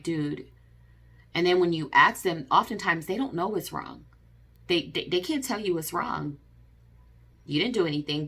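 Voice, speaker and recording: Woman vlogger, low bright voice, earnest and repetitive, lots of fillers. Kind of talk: personal advice vlog.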